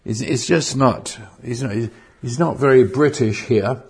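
A man preaching a sermon, slow and earnest, often repeating words as he restarts, rising to fervent outbursts. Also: mid-range voice, vocal fry.

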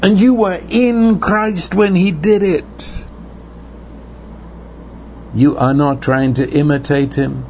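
Male preacher, slow and deliberate, earnest sermon delivery, slightly higher-pitched voice. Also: a little mellow, slight background noise. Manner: earnest, repeats words, slows for emphasis.

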